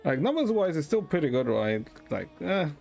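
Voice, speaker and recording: Deadpan swearing male streamer, lively pitch. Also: moderate pace, gravelly, faint music behind. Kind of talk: casual stream chat.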